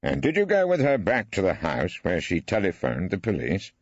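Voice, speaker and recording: An actor playing an elderly barrister in an audiobook, questioning with arch, ironic politeness. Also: male voice, sits low, huge pitch swings, normal speed, no echo, pitched above the performer's own voice, exaggerated voice. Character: wry elderly male barrister, mock-polite. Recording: dry, slightly dull studio.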